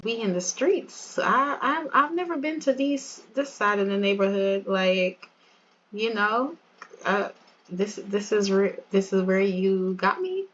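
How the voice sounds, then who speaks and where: A woman's voice: medium pitch, animated, measured pace, fairly bright tone, dull audio. A woman voicing a prim young pastor's daughter, sweet and a little hesitant. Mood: wary.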